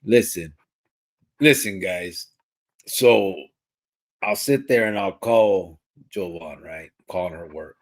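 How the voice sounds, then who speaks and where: A man's voice: sits low, takes it slowly, long pauses. A man, co-hosting a casual live podcast, reading viewer comments and swearing freely. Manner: laid-back, reads viewer comments aloud, swears, mixes in Spanish slang. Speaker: podcast co-host. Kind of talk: casual live-stream chat.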